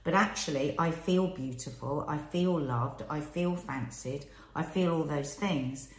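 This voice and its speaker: A middle-aged woman talks in an earnest, advising way on a candid podcast. Her voice sits on the low side. The room around her is echoey. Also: unhurried. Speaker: podcast co-host. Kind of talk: candid conversational chat.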